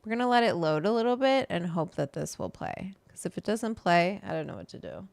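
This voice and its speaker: A woman hosts a relaxed, chatty talk and reads quotes aloud in an easy way. Her voice has a gravelly, fried edge at a middle pitch. The sound is close and dry, with no room echo. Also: fairly quick, faint music behind. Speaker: host. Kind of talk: casual chat.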